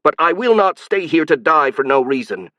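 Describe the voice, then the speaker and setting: A shrill, alien-sounding hive queen, as a male audiobook narrator puts her on, proud and stubborn. The voice sits well above the reader's own, forceful and defiant, recorded dry and close. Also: big pitch swings, normal speed, no room sound. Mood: heated.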